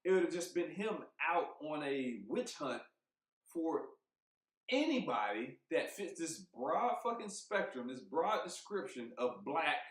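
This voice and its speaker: A man co-hosting a podcast, talking in a heated, emphatic way, swearing freely and thinking out loud with restarts. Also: a little high, big pitch swings, measured pace. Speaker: podcast co-host. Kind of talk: casual podcast chat. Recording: roomy echo.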